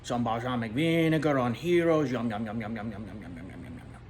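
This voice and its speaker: A man's voice: mid-range voice, very animated, brisk, close to an everyday voice. A talkative male toy pup spins a comic story, as a man puts him on. His voice swoops up and down, full of repeated words and chuckles, and there is a faint hum of room ambience behind. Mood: chatty. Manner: rambling, repeats words, laughs at own jokes. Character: chatty male toy dog, jokey and rambling. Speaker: storyteller host.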